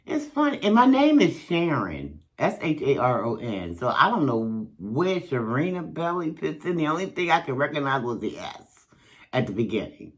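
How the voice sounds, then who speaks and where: A woman's voice: low-pitched, big pitch swings, moderate pace. A woman hosting her own channel, telling a personal story in a casual, chatty way and speaking directly to her viewers.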